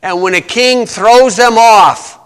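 A man preaching a Bible-teaching sermon, emphatic, repeating key phrases and often saying "okay", with frequent throat clearing. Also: very high voice, slow, fairly bright tone.

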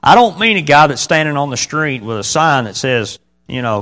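A man's voice: fairly high pitch, sing-song, moderate pace, fairly bright tone. A man preaching a sermon, talking conversationally to his congregation, often asking them questions and reading scripture aloud. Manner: reads scripture in King James wording. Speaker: pastor.

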